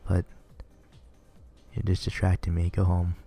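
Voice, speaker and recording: A man's voice: sits low, level tone, measured pace, creaky, warm tone, husky, faint music behind, heavily acted. A man voicing a stern, curt male boss in a visual novel. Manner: blunt, curt. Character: gruff, stern older male work boss. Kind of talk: reading a visual novel aloud.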